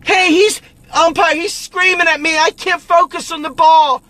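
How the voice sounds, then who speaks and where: A man's voice: very high-pitched, fairly even intonation, moderate pace, bright, forceful tone, dry recording, pitched above the performer's own voice. A man voicing a flustered baseball batter who whines and complains about being heckled. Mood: whiny. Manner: whiny, complaining.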